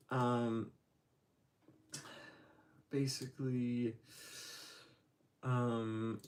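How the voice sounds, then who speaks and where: A man talks on his own livestream in a loose, rambling way, often stopping to search for words with fillers. He speaks slowly and takes his time. His voice sits at an ordinary middle pitch. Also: gravelly. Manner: rambling, hesitant, many fillers. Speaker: channel host. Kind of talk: casual livestream chat.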